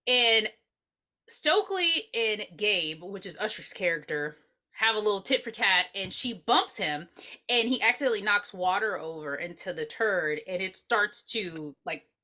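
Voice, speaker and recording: A middle-aged woman co-hosts a podcast and chats casually about a film. Her voice is bright and ringing. She talks in an animated, profane way, jumping into the characters' lines herself. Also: medium pitch, a little slow. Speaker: podcast co-host. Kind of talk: casual movie review chat.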